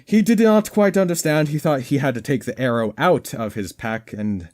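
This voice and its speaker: A man's voice: mid-range voice, moderate pace, a little mellow. A man giving goofy, rambling commentary over a game, with a slightly worn voice. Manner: goofy, rambling, jokey asides. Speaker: gaming commentator.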